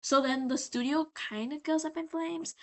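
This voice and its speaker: A tipsy woman vlogger rambles through a casual story recap. She restarts and trails off often. Her voice is bright, sharp and fairly high. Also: moderate pace. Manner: rambling, animated, loses her place.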